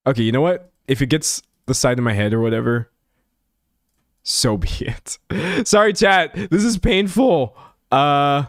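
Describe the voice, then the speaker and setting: Lively, self-mocking young male streamer. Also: mid-range voice, dry recording, studio quality. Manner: self-deprecating, chatty, laughs often. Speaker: livestreamer. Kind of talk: casual live-stream chat while editing.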